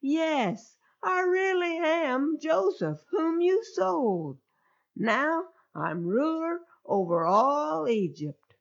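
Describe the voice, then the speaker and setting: A woman reading the words of Joseph, a forgiving ruler, in a gentle, pleading way on a dull lo-fi recording. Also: high-pitched, very animated, extremely slow, creaky, voice pushed up, heavily acted. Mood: tender.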